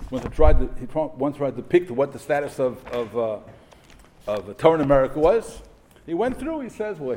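A man's voice: mid-range voice, darkish tone. A middle-aged man giving a sermon to a yeshiva audience, emphatic, asking rhetorical questions and mixing in Hebrew terms. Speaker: rabbi giving a memorial talk.

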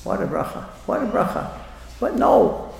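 A middle-aged man with a high, gravelly voice tells stories with animation during an inspirational religious talk, speaking at a normal pace. He repeats phrases and performs the voices of the people he quotes. Long reverb fills the echoing hall.

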